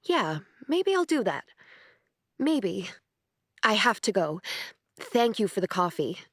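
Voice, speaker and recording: Woman playing a glamorous young actress in an audiobook, gushing and dreamy in her earnestness. Her mid-pitched voice sounds dry and close. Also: sing-song, takes it slowly, a bit bright, no echo, heavily acted. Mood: earnest.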